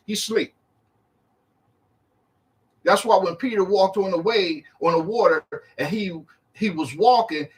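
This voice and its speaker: A man teaching through a Bible chapter verse by verse in a casual, animated way, acting out the speakers in the text. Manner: animated, acts out the disciples' and Yahshua's words in a higher voice; conversational, uses slang while reading verse by verse.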